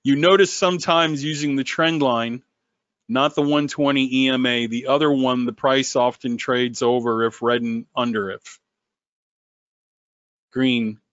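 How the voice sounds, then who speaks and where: A man who founded a company, running a sales webinar in an animated, sarcastic way. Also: dry recording, muffled recording. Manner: animated, sarcastic, quick swings in pitch.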